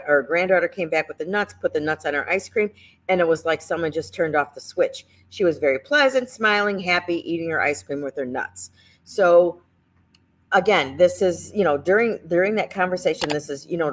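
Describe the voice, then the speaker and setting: A middle-aged woman hosting a caregiving talk, speaking casually with many fillers and restarts while telling stories. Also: deep voice. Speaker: nurse advocate host.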